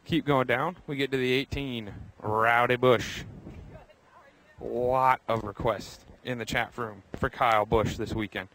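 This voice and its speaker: A man's voice: medium pitch, fairly even intonation, measured pace, a bit bright, low-quality recording. A young man walks through a racetrack garage outdoors, hosting a live tour in an upbeat, chatty way. He calls out viewers by name as he goes, his voice sitting in a middle register. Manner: walking while talking. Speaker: host. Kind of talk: live walking tour commentary.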